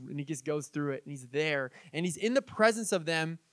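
A man's voice: fairly high pitch, animated, brisk, no echo. A man in his thirties preaching a conversational sermon, telling stories and acting out quoted voices. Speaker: pastor.

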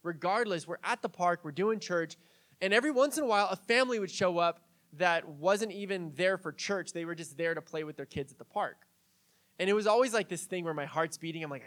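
The congregation hears a casual sermon from a young pastor whose voice is light and high, moving fairly quickly. Relaxed and conversational, he mixes in anecdotes, small jokes and easygoing fillers.

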